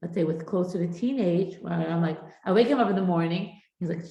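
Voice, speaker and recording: Lively middle-aged woman teaching a class. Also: on the low side, fairly quick, noisy background. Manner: lively storyteller who acts out family dialogue. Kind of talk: lecture with anecdotes. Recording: echoey room.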